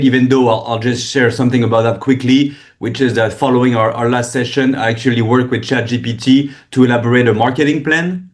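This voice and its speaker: Brief: male agent on a video call, halting update, lots of fillers and restarts. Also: medium pitch. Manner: hesitant, many fillers and restarts. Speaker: real estate agent on a team call.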